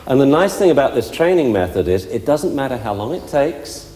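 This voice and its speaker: A man's voice: mid-range voice, big pitch swings, brisk, mellow, a little hiss or hum. A man working as a dog trainer, explaining step by step in a chatty way during a live demonstration with several dogs. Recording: echoey hall with faint ambience.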